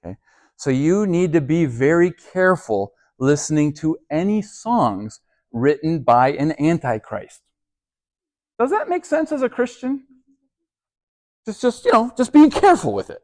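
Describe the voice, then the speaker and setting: A man's voice: fairly high pitch, sing-song, a little slow, darkish tone, no echo, clean studio sound. A man teaching a youth group as their pastor. He talks in a conversational way, keeps asking "okay?" and often restarts and repeats his words.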